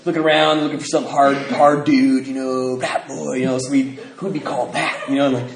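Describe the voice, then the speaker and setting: A man's voice: mid-range voice, little pitch movement, a little fast. Joking man speaking in a roomy hall. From Bellingham, Washington. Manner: joking, self-mocking, with frequent fillers. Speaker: recovery speaker. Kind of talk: storytelling talk to a live audience. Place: convention hall before an audience. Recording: roomy hall, noisy live recording.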